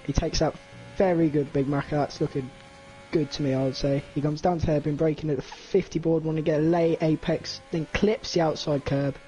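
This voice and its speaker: A man's voice: on the high side, fairly even intonation, fairly quick, warm tone, faint music behind, rough recording. A young man co-commentating a sim race, talking through a lap in coaching second-person phrasing. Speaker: co-commentator, strategy analyst. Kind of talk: sim racing lap analysis.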